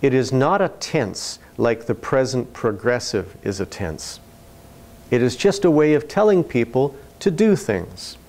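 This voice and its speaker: Slow, deliberate male teaching narrator. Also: mid-range voice, sing-song, a little mellow. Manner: slow, clear, deliberate explanations. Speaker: ESL video narrator.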